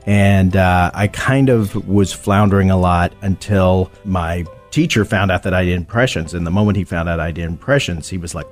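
Deep-voiced comedian telling stories. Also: male voice, moderate pace, few pauses, soft background music. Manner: relaxed, rambling, with many fillers. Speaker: comedian and voice actor, interview guest. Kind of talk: casual interview chat.

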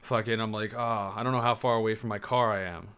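A man's voice: lowish voice, steady tone, fast, a bit bright, clear, resonant tone. A young man in casual chat, rambling through a story with lots of fillers and swearing.

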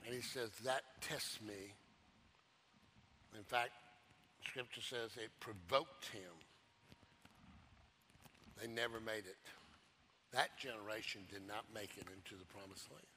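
A male pastor preaching a sermon, emphatic and repetitive, swinging from loud declarations to hushed low phrases. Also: a little slow, long pauses, slight background noise.

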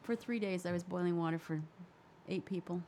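A woman with a somewhat low voice chatting casually as a guest. She answers in short, matter-of-fact bits, with faint background noise behind her. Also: a little fast, mellow. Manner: brief, matter-of-fact replies. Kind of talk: casual chat.

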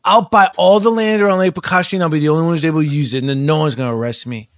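A man's voice: fairly high pitch, racing, no room sound, studio quality, natural voice. A man improvising a defiant, sarcastic teenage son who keeps talking back. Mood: sassy. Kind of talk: improv comedy sketch.

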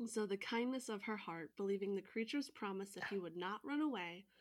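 A woman co-hosting a podcast, reading a folktale aloud in an even storytelling manner with joking asides. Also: medium pitch, fairly quick.

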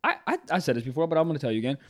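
Young male co-host, easygoing slangy talker, lively up-and-down voice. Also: on the high side, racing. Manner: laid-back, says dude a lot, laughs often. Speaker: podcast co-host. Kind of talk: casual chat.

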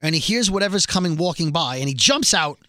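Animated high-voiced man recapping a show. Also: fast talker, no echo. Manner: rambling, animated, self-deprecating nerd talk. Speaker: podcast co-host. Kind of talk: casual chat recapping a TV episode.

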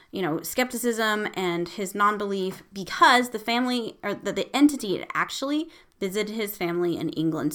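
A woman's voice: mid-range voice, fairly bright tone. Irreverent woman telling a ghost story. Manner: irreverent, swears freely, laughs often. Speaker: podcast host. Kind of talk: casual storytelling about a haunting.

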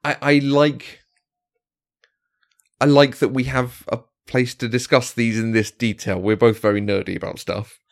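A man's voice: mid-range voice, flat delivery, a little slow, gravelly. A man co-hosting a casual podcast, chatty and enthusiastic, often restarting his sentences and laughing. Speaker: podcast co-host.

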